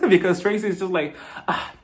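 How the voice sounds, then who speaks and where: A man giving a casual reality TV recap, animated, laughing often and mimicking the people he describes. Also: fairly high pitch, fairly quick. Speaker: reality TV reviewer. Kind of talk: casual commentary.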